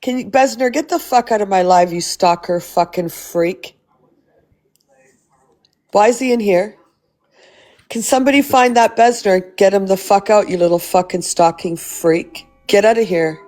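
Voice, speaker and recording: A woman's voice: medium pitch, unhurried, a little mellow. Blunt, swearing Canadian woman hosting a live. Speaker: livestream host. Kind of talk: livestream commentary.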